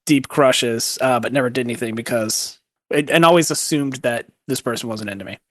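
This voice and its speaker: A man's voice: medium pitch, brisk, fairly bright tone, no echo, clean studio sound. A man in his forties in casual podcast chat, teasing and asking playful questions. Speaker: podcast co-host.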